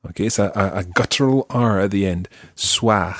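A Scottish man leads a language lesson in a husky, low voice. He shapes each French word slowly and carefully so it can be repeated back. The sound is dry and close. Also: dry recording. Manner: slow, careful modelling of French words for repetition. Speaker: language teacher.

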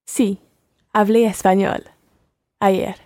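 A woman's voice: medium pitch, level tone, slow, darkish tone, no room sound, clean studio sound. A woman learning Spanish, repeating phrases after her teacher. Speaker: language student.

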